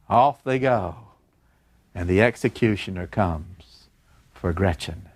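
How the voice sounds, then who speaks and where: A man's voice: low voice, slow, pauses often, dry recording, clean studio sound. A man retelling a classic story dramatically, acting out the scenes as he narrates. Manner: lively, acts out scenes.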